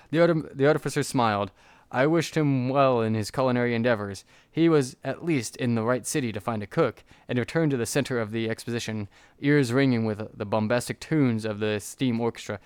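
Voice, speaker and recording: A man with a smooth, clear voice reads a text adventure aloud as a let's player. His pitch sits in an ordinary middle range. He moves quickly and often trips over words, then restarts. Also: darkish tone, dry recording. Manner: reads quickly with frequent stumbles. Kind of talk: reading a text game aloud.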